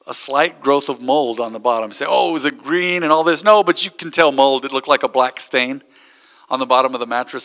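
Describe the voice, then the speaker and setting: A man's voice: mid-range voice, pushed and bright, long reverb tail. A man, a pastor, preaching a sermon and telling stories with acted-out quotes. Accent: American.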